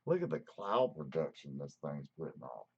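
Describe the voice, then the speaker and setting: A man's voice: rumbling low, sing-song, normal speed, husky. A man from Alabama with a Southern accent, hosting a casual livestream and greeting viewers by name as he talks, stretching out words for emphasis. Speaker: channel host. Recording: dull lo-fi stream audio.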